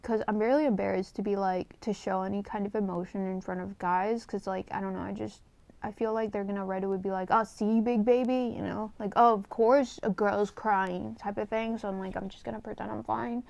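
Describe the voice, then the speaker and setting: A woman telling a personal story to her camera, her mid-pitched voice full of gravelly fry. She talks candidly and rambles, with plenty of fillers and swearing, in an emotional, confessional way. The sound is dry and close. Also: flat delivery, fast talker, dark tone, no echo. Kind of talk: casual storytime.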